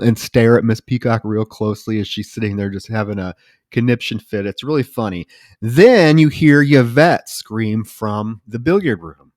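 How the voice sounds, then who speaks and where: A man's voice: mid-range voice, a little mellow, no room sound, clean studio sound. A man co-hosting a casual film podcast, recapping the plot at length in a loose, chatty way. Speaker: podcast co-host.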